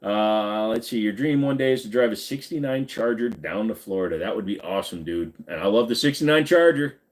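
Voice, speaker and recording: A man's voice: fairly low pitch, expressive, a little fast. A man in his forties, tired after hours of live streaming, chatting casually and joking as he reads out viewer comments, swearing freely.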